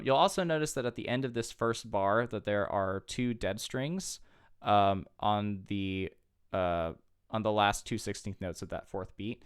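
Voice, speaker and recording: With a lowish, clean-toned voice, the man leads a casual guitar tutorial, walking patiently through chords and counting beats aloud. The guitar playing underneath is loud.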